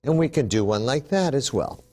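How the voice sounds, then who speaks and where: A man's voice: medium pitch, animated, normal speed, mellow. A man hosting a TV cooking demonstration, upbeat and chatty, explaining each step as he works. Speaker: cooking show host.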